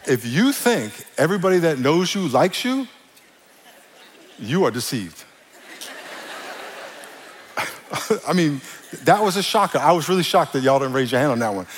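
A man's voice: fairly high pitch, sing-song, measured pace, long pauses, in a large hall, slight background noise. A man preaching a sermon, talking directly to the congregation in a playful, joking way. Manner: playful, joking with the congregation, acts out quoted voices; addresses the audience directly. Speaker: pastor.

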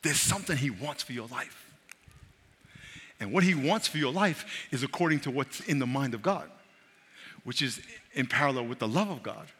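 Bright-voiced preacher in a reverberant hall. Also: male voice, mid-range voice, moderate pace, pauses often, breathy edge. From New York. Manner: animated, repeats phrases, asks the congregation to follow along. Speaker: pastor. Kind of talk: sermon. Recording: long reverb of a large hall.

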